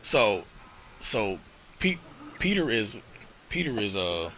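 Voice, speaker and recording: A man with a low-pitched, forceful voice talks through comic book storylines on a casual podcast. He rambles, circles back on himself, keeps dropping "you know" and swears freely. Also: sing-song, takes it slowly, a little hiss or hum, poor audio. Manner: rambling retelling, heavy on "you know" and profanity. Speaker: podcast co-host.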